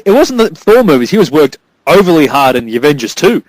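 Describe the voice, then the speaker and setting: Podcast host, male: fairly high, lively voice, wry and laughing, dry close sound. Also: fast talker, no echo, poor audio. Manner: chuckling, wry, profane. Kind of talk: casual movie review chat.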